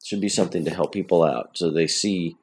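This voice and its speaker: A man's voice: deep voice, fairly even intonation, brisk, breathy edge. A man hosting his own podcast from home, talking in a chatty, plainspoken, rambling way. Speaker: podcast host. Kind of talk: casual solo podcast talk.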